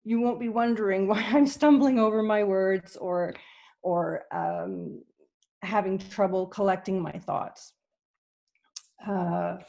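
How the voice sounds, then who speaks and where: A woman's voice: mid-range voice, darkish tone. Woman, from canada, online conference presenter, earnest, hesitant, restarts sentences. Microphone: video call.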